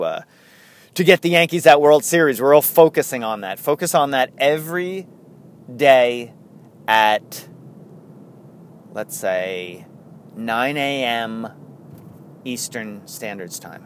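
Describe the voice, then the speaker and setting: Podcast host, man, New York accent, excitable and rambling, mid pitch, faint car noise in the background. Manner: chatty, rambling and excitable, with frequent laughs. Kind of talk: casual solo podcast chat.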